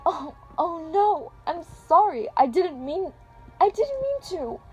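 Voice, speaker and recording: A woman's voice: fairly high pitch, a little fast, dark tone, breathy edge, faint music behind, rough recording. A woman voicing a fragile young mother who talks in an emotional, pleading way. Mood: panicked.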